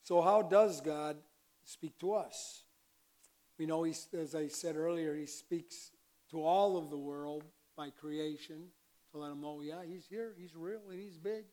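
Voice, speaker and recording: A man preaching a conversational sermon as a pastor, with sudden bursts of loud emphasis. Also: fairly high pitch, a little slow.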